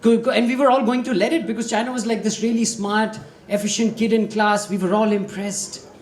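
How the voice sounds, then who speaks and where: A young man from India with an Indian English accent, doing a deadpan, profane stand-up set with mock-menacing punchlines. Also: high-pitched, fairly quick, a little hiss or hum. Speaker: stand-up comedian. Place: comedy club stage with audience. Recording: echoey club, loud crowd laughter.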